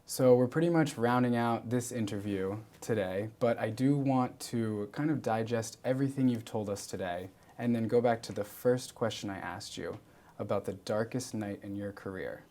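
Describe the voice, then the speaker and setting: A man's voice: on the low side, normal speed, dark tone. A man hosting an interview, asking questions and cheering his guest on with short replies. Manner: brief, encouraging interjections. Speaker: interviewer, host.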